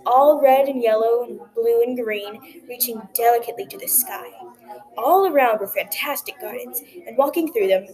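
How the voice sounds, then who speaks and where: A woman telling a folktale aloud in a gentle, expressive narrating voice. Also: on the high side, low-quality recording. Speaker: storyteller. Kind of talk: folktale reading.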